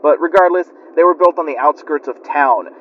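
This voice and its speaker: Chatty male storyteller, slightly high voice. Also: brisk, a little hiss or hum. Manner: rambling, chatty, lots of fillers. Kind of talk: casual spooky storytelling. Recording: lo-fi muffled recording.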